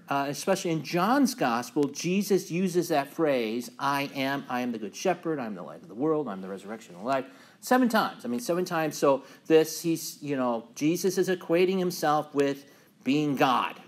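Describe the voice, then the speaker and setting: Guy pastor running a bible class, kinda high voice, lots of ums, easygoing. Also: normal speed. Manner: relaxed, many ums and uhs, reads scripture aloud with emphasis. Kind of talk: casual Bible class teaching.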